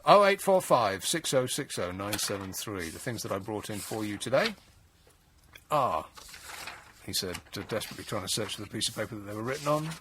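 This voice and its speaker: A man's voice: on the low side, big pitch swings, brisk, a bit bright, slight background noise. A man hosting a late-night radio phone-in, wry and exasperated, rambling with frequent restarts. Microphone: studio mic.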